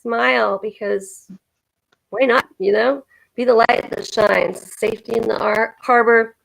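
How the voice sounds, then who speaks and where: Woman stream co-host, gravelly, earnest, repeats for comfort. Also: fairly high pitch, fairly even intonation, measured pace, low-quality recording. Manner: earnest, encouraging, repeats herself. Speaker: livestream co-host. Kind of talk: casual supportive chat.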